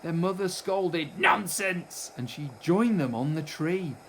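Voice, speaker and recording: A man reading a rhyming children's picture book aloud in an expressive, sing-song way. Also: on the high side, a little slow, heavy background noise. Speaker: storyteller.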